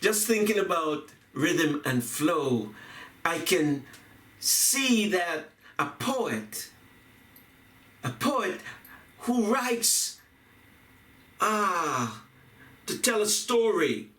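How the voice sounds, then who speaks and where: Slow, bright-voiced man in an echoey room. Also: sits high, very animated, recorded from a distance. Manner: slow, deliberate, repeats phrases, taps out rhythms vocally. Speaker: video essayist on poetry and music. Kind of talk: reflective talk to camera.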